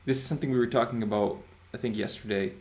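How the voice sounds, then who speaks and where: A man in his twenties hosting a casual livestream chat, relaxed and reading chat aloud. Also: medium pitch, very fast, roomy sound. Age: 20s. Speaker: livestream host.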